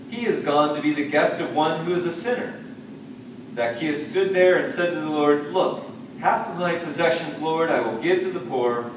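A man with a slightly high voice leads a church service, reading scripture in a measured, formal way. He sounds far from the mic, in a very echoey sanctuary with noticeable noise behind him. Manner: measured liturgical reading, then playful talk with children. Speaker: pastor.

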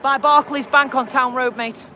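A woman live-streaming from a city street, shaken, urgent and worried as she coaxes others to calm down. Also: high-pitched, normal speed. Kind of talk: live vlog from a street protest. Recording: noisy outdoor street.

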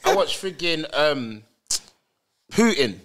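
A young man with a bright, edgy tone, his pitch jumping around as he teases his co-host and fires off questions. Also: slow pace, a little hiss or hum. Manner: lively, teasing, questioning. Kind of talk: casual banter.

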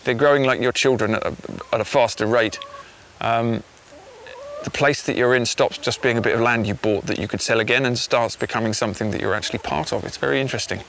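A middle-aged man with an English accent, reflecting out loud in a documentary interview. He talks in a measured, unhurried way, stopping to search for words. A faint hiss sits beneath his voice. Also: mid-range voice, gravelly. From England. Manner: thoughtful, measured, with pauses and fillers. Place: outdoors on rural land.

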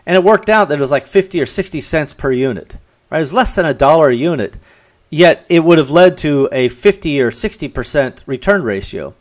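A man's voice: a little high, expressive, fairly quick. Earnest man giving business advice. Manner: earnest and advising, acts out dialogue in quotes. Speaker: podcast host. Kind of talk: solo business advice talk.

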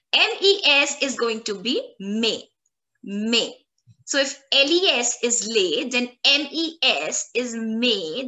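A woman language instructor teaching an online lesson, repeating words slowly and clearly for learners. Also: fairly high pitch, pushed and bright. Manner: slow, drawn-out repetition of French words for learners.

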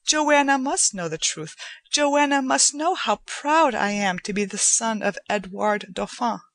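A woman's voice: a little high, animated, measured pace, a bit bright, dry recording. A woman reading aloud, voicing an earnest young man pleading with his father and his beloved. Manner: earnest, insistent, courteous. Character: earnest young gentleman, devoted son.

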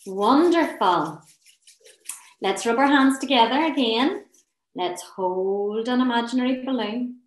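A woman leading a guided laughter and relaxation session. She gives gentle, encouraging, soothing instructions. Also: on the high side, slow, roomy sound, low-quality recording. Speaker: wellness session leader.

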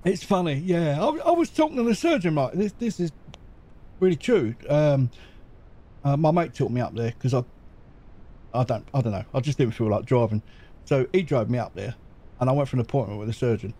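A man's voice: medium pitch, lively intonation, fairly quick, dark tone. A middle-aged man chatting through gameplay commentary, giggly and rambling. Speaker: gaming YouTuber.

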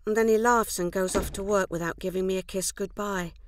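Playing a tired housewife in a loveless marriage, a female actor delivers a scripted film monologue in a wry, rueful, quietly sad and wistful manner. She speaks fairly quickly at medium pitch, with fairly even intonation and light acting.

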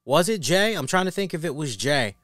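A man's voice: fairly high pitch, sing-song, a little fast, fairly bright tone, dry recording, studio quality. A man hosting a wrestling review show, giving casual commentary in a slangy, joking way.

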